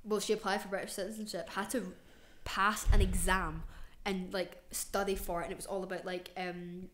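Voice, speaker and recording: A young podcast host from Scotland chats casually, telling lively stories peppered with curse words, fillers and lots of "like." Her medium-pitched voice runs at a normal pace.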